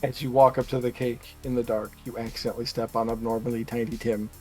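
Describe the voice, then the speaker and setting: A man's voice: mid-range voice, little pitch movement, fast, dark tone, soft background music. Playful male co-host. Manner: playful, jokey, laughs at own lines. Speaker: co-host in a live AI story stream. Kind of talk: casual chat and story reading.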